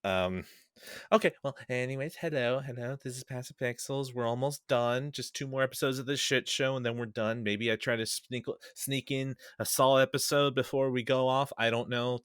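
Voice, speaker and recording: A man hosting a laid-back podcast chat, voice sitting at an ordinary middle pitch. He rambles, trips over himself, corrects his own lists out loud and drops the odd swear word. The sound is dry and close, with no room around it. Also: moderate pace, clear, resonant tone, dry recording. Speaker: podcast host.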